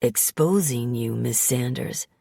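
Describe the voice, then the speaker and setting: A woman reading an audiobook, voicing a brooding male mafia man from New Jersey who talks in a low, drawling, menacing way. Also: slow, vocal fry, warm tone, slightly rough, no echo, clean studio sound, heavily acted. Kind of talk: audiobook character voice.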